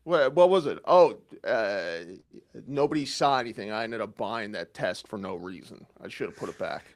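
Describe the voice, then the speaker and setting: A man with a Canadian accent co-hosting a casual comedy podcast, rambling and deadpan, full of fillers and self-mockery. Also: fairly low pitch, moderate pace. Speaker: podcast co-host.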